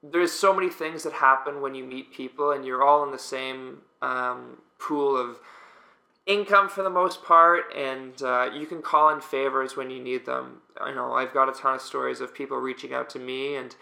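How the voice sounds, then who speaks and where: A man's voice: medium pitch, steady tone, moderate pace, vocal fry, sharp tone. A young man, a volleyball player, casually telling stories with rambling fillers and restarts. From Canada. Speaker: guest, pro volleyball player. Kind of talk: casual storytelling. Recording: roomy echo.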